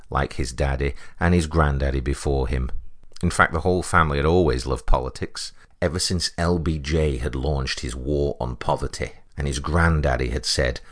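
A man with a British accent narrating a first-person story in a dry, deadpan way. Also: a bass voice. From Britain.

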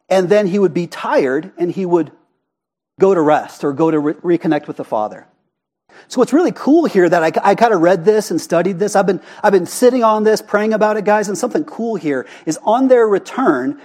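A man with a notably high voice delivers a sermon in a church. He keeps it conversational and animated, often pausing to ask the congregation questions. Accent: Arizona. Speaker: pastor. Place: church sanctuary.

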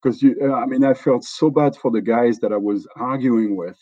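A man's voice: medium pitch, normal speed, mellow, no echo, highs cut off. A middle-aged man with a French accent, a company executive telling stories as an interview guest, with many fillers and restarts. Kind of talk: conversational storytelling.

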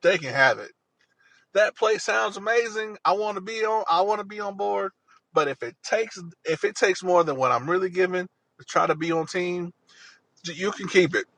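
A man's voice: high voice, fairly even intonation, moderate pace, fairly bright tone, no echo, low-quality recording. A man telling a personal story in an earnest, rambling way, often repeating himself.

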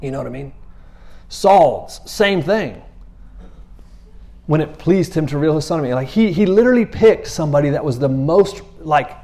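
A man's voice: a little high, moderate pace. A man preaching in a loose, conversational way, repeating himself and briefly acting out the people he quotes. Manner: animated, repeats himself, acts out quotes in passing. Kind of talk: conversational sermon.

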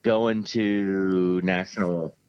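A man from the Charlotte area, a guest who tells a story with a lively, self-mocking manner and laughs often along the way. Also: low voice, extremely slow, clear, resonant tone, no room sound. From Charlotte area, USA. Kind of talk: anecdotal storytelling. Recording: dull, dry lo-fi sound.

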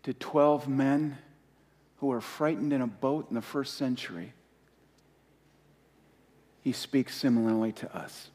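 Impassioned pastor in a reverberant hall. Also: male voice, mid-range voice, darkish tone. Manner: impassioned, rising and falling with pauses, repeating key phrases. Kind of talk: sermon.

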